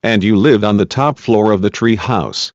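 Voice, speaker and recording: A man reading a male defense lawyer's questions, measured and reassuring, in a dull lo-fi recording. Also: fairly low pitch, no room sound, natural voice. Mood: courteous. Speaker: cross-examining lawyer.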